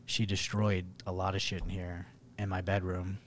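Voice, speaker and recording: A young man, co-hosting a podcast and telling dating stories in a casual, profane, animated way. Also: low voice, normal speed, slight background noise. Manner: profane, animated, laughing storyteller. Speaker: podcast co-host. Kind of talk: casual storytelling.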